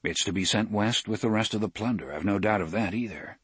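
A man doing a calm, steady young leader. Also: on the low side, fairly quick, slightly rough, no room sound.

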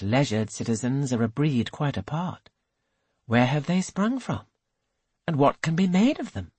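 A narrator reading a historical novel aloud, with measured, animated storytelling. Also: mid-range voice, husky, no room sound. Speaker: audiobook narrator. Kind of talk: scripted narration.

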